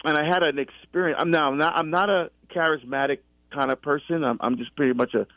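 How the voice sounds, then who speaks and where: A middle-aged deacon from the US East Coast in a conversational faith talk, telling his story with many restarts and animated quoted exchanges. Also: a little high, fast talker, creaky, no room sound. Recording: dull lo-fi sound.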